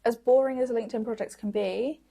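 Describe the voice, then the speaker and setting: Young woman, slightly husky tone, laid-back podcast co-host who laughs easily. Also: on the high side, fairly even intonation, brisk, mellow. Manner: laughs often, thinks aloud. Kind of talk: casual chat.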